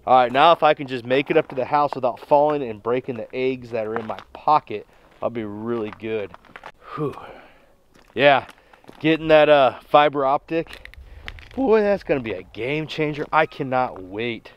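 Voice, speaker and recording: A man's voice: medium pitch, expressive, moderate pace, lo-fi sound. A man who runs a small family farm, talking in a chatty, down-to-home way as he walks through a casual farm vlog. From Nebraska. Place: farmyard outdoors, then inside a torn-up house.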